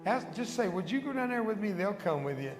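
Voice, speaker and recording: A man's voice: sits high, sing-song, fairly quick. An older man, a guest evangelist, leading an altar call and a spoken prayer in a large church sanctuary, fervent and coaxing, with murmured praise between lines. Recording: echoey hall with worship music behind.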